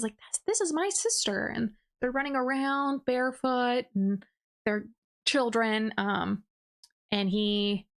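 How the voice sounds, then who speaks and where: A woman's voice: a little high, a bit bright. A woman casually recapping a novel's plot for her book review channel, talking in loose run-on sentences full of fillers. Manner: chatty, filler-heavy with frequent "like" and laughs. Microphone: desk microphone.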